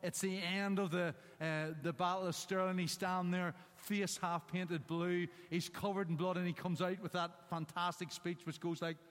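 A man's voice: sits high, flat delivery, normal speed, few pauses, fairly bright tone. A man preaching a sermon with a punchy, anecdotal delivery, stressing points with short one-word lines. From Northern Ireland. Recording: church hall with long reverb.

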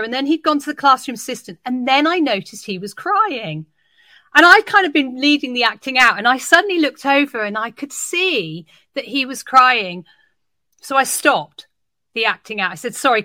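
Recorded dry, a high-voiced woman who works in early years education recounts classroom anecdotes during a podcast chat. She tells them with animation, voicing the dialogue herself.

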